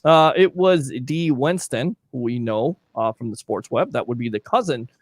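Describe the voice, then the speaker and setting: A man's voice: medium pitch, moderate pace, no echo. A man hosting a live sports talk show, reading listener comments aloud and bantering with his co-host. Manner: animated, reads listener comments, jokey banter. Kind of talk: casual live call-in sports chat.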